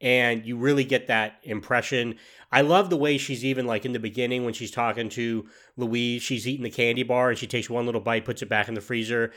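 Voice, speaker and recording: A man co-hosting a casual podcast, calmly recapping the story of a movie in plain words. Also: mid-range voice, a little fast. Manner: relaxed, plain-spoken, retells scenes. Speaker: podcast co-host. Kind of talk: casual film discussion.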